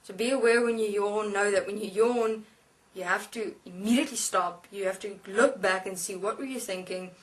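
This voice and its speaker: A woman giving a spiritual lecture as a channeled being, speaking slowly and deliberately with halting pauses. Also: mid-range voice. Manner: slow, halting, deliberate instruction. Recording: voice distant from the mic.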